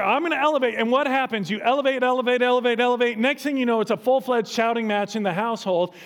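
A middle-aged pastor delivers a sermon in a fairly high voice. His tone stays conversational and casual. Now and then he pushes into emphatic peaks. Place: church.

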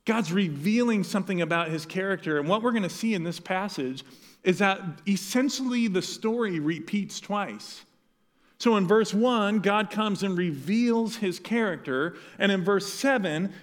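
A pastor preaching an animated sermon, acting out the lines of the people in the story. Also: male voice, high-pitched, normal speed, long reverb tail. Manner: animated, acts out quoted dialogue.

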